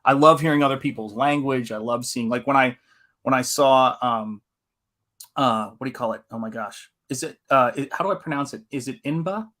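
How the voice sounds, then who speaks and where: A man's voice: mid-range voice, fairly quick, bright, forceful tone. A man from the American South hosting a live stream, chatting casually and laughing often. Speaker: host of a live painting stream. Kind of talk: casual chat while reading stream chat.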